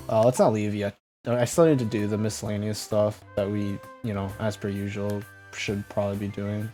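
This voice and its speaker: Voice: deep voice, fairly even intonation, normal speed, dark tone, faint music behind. A streamer chatting casually and rambling with fillers while playing a game.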